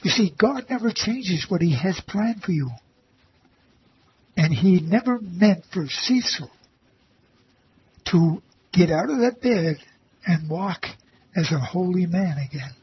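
Earnest high-voiced man giving a testimony. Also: expressive, slow pace, long pauses, a little hiss or hum. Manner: earnest and reverent, repeats phrases for emphasis. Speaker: volunteer who read the Bible to elderly residents. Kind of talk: personal faith testimony, told as a story. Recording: slightly dull lo-fi recording with faint ambience.

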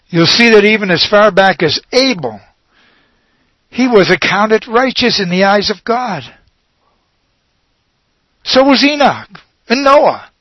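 A man preaching a sermon, slow and emphatic, leaning on dramatic pauses and repeated words. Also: sits high, fairly bright tone, no echo, low-quality recording.

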